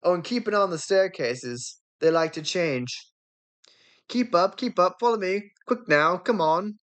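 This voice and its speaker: A strict older teacher, as a woman puts her on, giving brisk orders to keep up. Her voice sits low and moves with a lively rise and fall. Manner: brisk, instructing. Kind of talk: fan reading of a film script.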